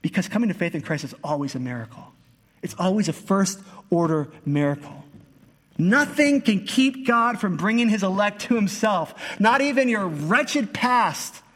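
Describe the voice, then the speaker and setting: A man's voice: high-pitched, fairly bright tone. A man preaching an earnest, emphatic sermon as a pastor. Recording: long hall reverb.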